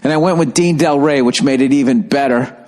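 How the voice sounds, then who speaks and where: A middle-aged man talking in a rambling, excitable way on a casual podcast monologue, swearing freely. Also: medium pitch, a little fast. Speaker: podcast host.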